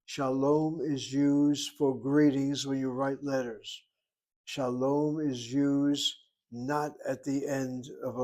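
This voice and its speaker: A man's voice: medium pitch, a little mellow. A man teaching a Hebrew class, explaining words and grammar step by step. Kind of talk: classroom lecture.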